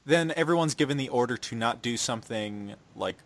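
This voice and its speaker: A man's voice: mid-range voice, expressive, a little fast. A young man co-hosting a casual podcast, recapping an anime and acting out its characters' lines in shifting voices. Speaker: podcast co-host.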